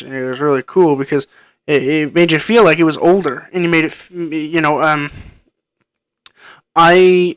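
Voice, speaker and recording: With a steady tone and moderate pace broken by long pauses, a man with a fairly high voice reviews a film casually. It's rambling and hesitant, full of ums and restarts, captured clean and dry on a microphone plugged into his computer.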